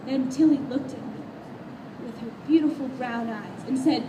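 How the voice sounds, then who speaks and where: A high-pitched woman tells a story in an earnest, emotional voice. She sounds far from the microphone, in an echoey space with clear noise behind her. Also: moderate pace, muffled recording. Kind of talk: dramatic story reading. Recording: echoey, distant, noisy live rally.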